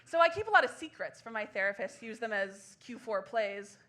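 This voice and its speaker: A woman in her twenties performing a solo comedy show on a small theater stage, laughing through quick self-deprecating asides. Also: a little high, very animated, bright, forceful tone, slight background noise. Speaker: stand-up comedian.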